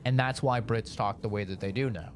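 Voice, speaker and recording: A man's voice: on the low side, a little fast, a little hiss or hum. An American man chatting casually on a live stream, rambling and joking with lots of swearing.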